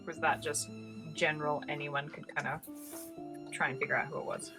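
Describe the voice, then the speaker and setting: Australian woman player, lower voice, music behind. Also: level tone, brisk. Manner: hesitant, filler-heavy questions. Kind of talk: casual tabletop play.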